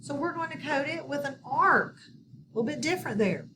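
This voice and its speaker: A woman teaching a phonics lesson in a recorded video, slow and patient, often checking in with her students. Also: sits high, animated. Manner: slow, patient, instructive with repeated prompts. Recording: distant mic with background noise.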